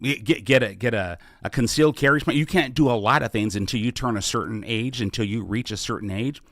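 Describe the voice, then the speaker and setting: Middle-aged guy answering live questions, stumbles and restarts a lot, mid-pitched, dry close sound. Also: fairly bright tone, no room sound. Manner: halting, restarts often, earnest. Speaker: podcast host and political candidate. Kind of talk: live Q&A, casual campaign talk.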